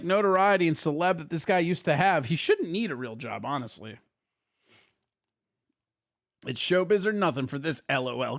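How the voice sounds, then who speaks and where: A high-voiced man with a lively, swooping delivery. He reacts to another man's livestream with constant laughter and ridicule, sometimes slipping into a silly put-on customer voice. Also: no echo, clean studio sound. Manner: mocking, laughs often, does a nerdy customer voice. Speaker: stream commentator. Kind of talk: mocking reaction commentary.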